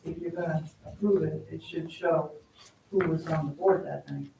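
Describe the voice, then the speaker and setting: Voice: medium pitch, steady tone, moderate pace, creaky. A speaker at a town board meeting who raises procedural questions about the minutes politely and carefully. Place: town hall meeting room. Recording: distant roomy mic with noise.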